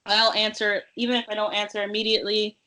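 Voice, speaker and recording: A woman's voice: medium pitch, little pitch movement, fast talker, sharp tone, slight background noise, low-quality recording. A woman, a cosplayer guest, chatting casually in an interview, joking and laughing often.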